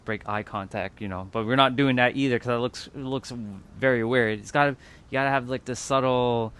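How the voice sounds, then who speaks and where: A man's voice: medium pitch, fairly even intonation, a little fast, a bit bright, smooth. Rambling, casual livestream host man. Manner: rambling, loose and informal with frequent fillers and asides to chat; swears casually.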